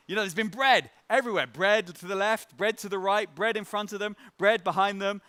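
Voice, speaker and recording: A man's voice: sits high, fairly bright tone. A middle-aged man preaching a sermon in a light-hearted, conversational way, telling stories and chuckling. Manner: conversational, with frequent fillers and restarts.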